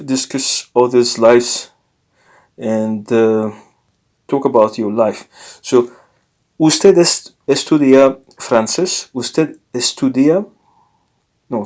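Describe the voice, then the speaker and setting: A man teaching a casual language lesson, explaining slowly with many fillers and self-corrections. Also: medium pitch, darkish tone.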